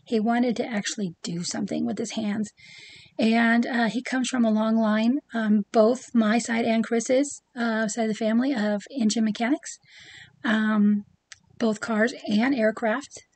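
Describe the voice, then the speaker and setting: A woman's voice: fairly high pitch, fairly even intonation, a little slow, a little mellow. A middle-aged woman chatting casually to camera about her pin collection, with many ums and asides.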